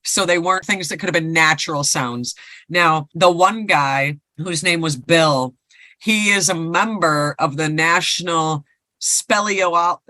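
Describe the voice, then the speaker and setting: A woman's voice: sits low, pushed and bright, dry recording. A woman co-hosting a podcast, casually retelling a ghost story and rambling with lots of fillers. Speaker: podcast co-host.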